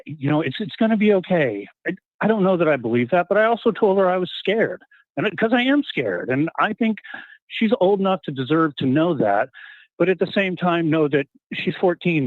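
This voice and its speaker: A middle-aged man from Texas calling in, talking earnestly and haltingly with many restarts. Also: a little high, dry recording. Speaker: caller. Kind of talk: call-in talk. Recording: tinny phone line, dry.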